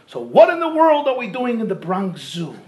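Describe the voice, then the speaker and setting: A man's voice: high-pitched, huge pitch swings, normal speed, noisy background. A man voicing a curious baby camel who questions its mother during a story in a sermon. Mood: indignant. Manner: questioning, builds to an indignant outburst.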